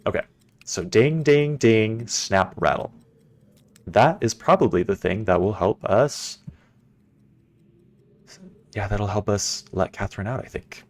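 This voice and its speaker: Deep-voiced man chatting through a game stream. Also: measured pace, long pauses. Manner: chatty and playful, answers chat, thinks aloud. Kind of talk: casual live-stream commentary.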